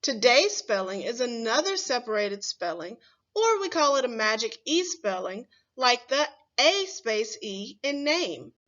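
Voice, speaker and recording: A woman teaching a first grade phonics lesson, sounding out words slowly and clearly and asking the children questions. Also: fairly high pitch, bright, forceful tone, dull audio.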